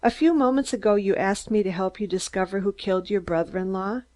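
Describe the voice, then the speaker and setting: A woman's voice: medium pitch, a little fast, darkish tone, no room sound, natural voice. A woman voicing a cold, proper stenographer. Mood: formal. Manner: coldly final, formal.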